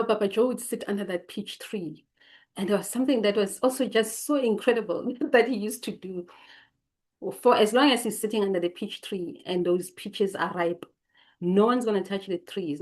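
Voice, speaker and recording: Mellow, reflective South African woman. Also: medium pitch, normal speed. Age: late 40s. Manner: thoughtful, digressive, reads lines then comments. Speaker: channel host. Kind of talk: reflective personal storytelling from notes.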